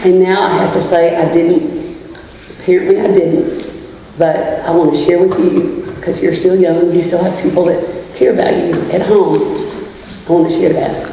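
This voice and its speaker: An older woman with a drawl delivers a keynote full of stories, laughing often at her own expense. Her voice is mellow and relaxed. It is picked up from across a large, echoing auditorium with a faint hum behind it. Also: on the low side, normal speed, gravelly. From Louisiana. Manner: storytelling, self-deprecating, laughs often. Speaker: keynote speaker. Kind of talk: humorous keynote talk. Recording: echoey hall from far off, faint noise.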